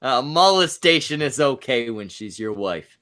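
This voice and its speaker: A man co-hosting a casual podcast from a home mic, trading crude jokes in a halting, deadpan way full of fillers and restarts. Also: mid-range voice. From Canada. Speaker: podcast co-host.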